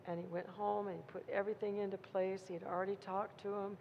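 A woman's voice: mid-range voice, flat delivery, fast talker, gravelly. A woman preacher giving an informal sermon, retelling a story in a folksy, conversational way and asking her listeners "Amen?". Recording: dull audio in a reverberant hall, faint noise.

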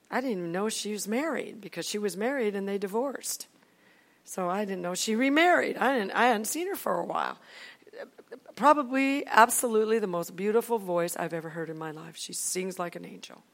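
A woman pastor telling a personal testimony in an animated way, with many restarts and acted quotes. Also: mid-range voice, normal speed.

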